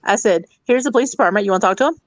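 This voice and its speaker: A woman's voice: mid-range voice, rapid-fire, no room sound. A woman who works as a hotel district manager, telling a blunt, profane story about a rude guest in a casual rant. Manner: blunt, profane, animated retelling.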